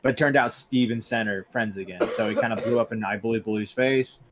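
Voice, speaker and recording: A man's voice: fairly low pitch, quick pace, noisy background. A man co-hosting a podcast, rambling through a recap of online drama with lots of fillers and cursing. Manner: rambling, profane, restarts and fillers. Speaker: co-host.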